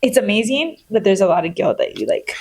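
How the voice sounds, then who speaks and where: A young woman co-hosts a relaxed podcast conversation. She talks in a loose, casual way, often laughing and filling her sentences with "like" and "bro.". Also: mid-range voice, fairly quick, rough recording. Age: young adult. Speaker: podcast co-host. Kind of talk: casual chat.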